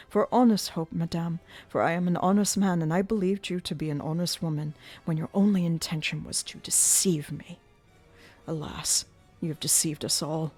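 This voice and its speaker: A woman's voice: low voice, creaky, mellow, breathy edge, dry recording, full character voice. A woman voicing a jealous young male nobleman who speaks with bitter sarcasm in a classic novel audiobook. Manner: sarcastic, reproachful.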